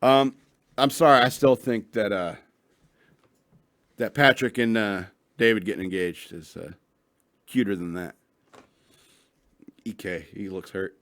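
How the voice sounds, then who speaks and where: A man's voice: on the low side, a little slow, long pauses, a bit bright, no room sound. A man hosting a casual solo podcast, rambling through stories with sarcastic asides. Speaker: radio show host.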